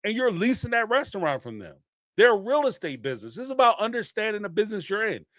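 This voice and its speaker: A man, hosting a podcast and ranting in an animated, emphatic way, with some swearing and repeated phrases. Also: high voice, fast, no echo, clean studio sound. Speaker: podcast host. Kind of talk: casual commentary rant.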